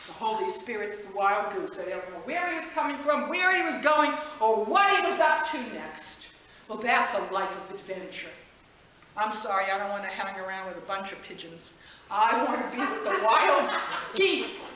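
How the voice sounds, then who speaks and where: A woman's voice: mid-range voice, animated, normal speed, a little hiss or hum. Impassioned woman preaching in an echoey room. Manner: impassioned, rising to shouts, with laughs. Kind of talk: passionate sermon.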